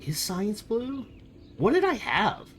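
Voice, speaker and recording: A young adult streamer rambling and joking with chat at an unhurried pace. Their pitch swings widely from low mutters to high yelps, and their thoughts jump from one topic to the next. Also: very animated, a bit bright, faint music behind. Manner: rambling, playful, jumps between topics. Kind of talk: casual live-stream chat.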